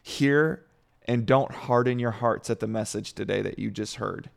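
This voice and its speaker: Creaky-voiced man, rambling and earnest. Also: lowish voice, moderate pace. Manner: rambling, heavy on fillers, earnest. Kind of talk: casual faith talk.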